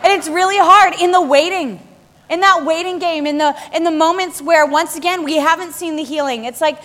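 High-voiced woman preaching in a hall. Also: a little fast. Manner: animated, laughing, acts out voices. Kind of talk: sermon to a live congregation. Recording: long hall reverb.

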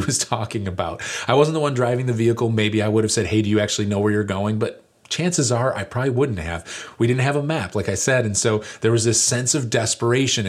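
A man who is a lead pastor, telling a story in a relaxed, chatty sermon with many fillers. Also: medium pitch.

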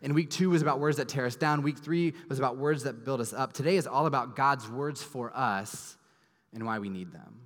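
A man in his thirties, a pastor preaching a sermon, earnest and emphatic, dropping to soft low tones at tender moments. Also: fairly quick. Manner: earnest, emphatic storytelling with sudden soft drops. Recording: long hall reverb.

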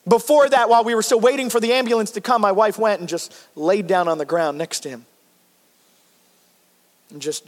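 With a high, bright voice, a pastor preaches a sincere sermon at a moderate pace, pausing often. He moves from forceful, loud peaks to soft, tender stretches, and a large church hall lends a long reverb.

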